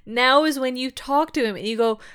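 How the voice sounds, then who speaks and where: A woman's voice: sits high, brisk, clean tone. A woman chatting casually about a TV episode, retelling scenes and acting out characters' lines with lots of swearing. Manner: animated, swears freely, acts out characters' lines. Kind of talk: casual TV recap chat.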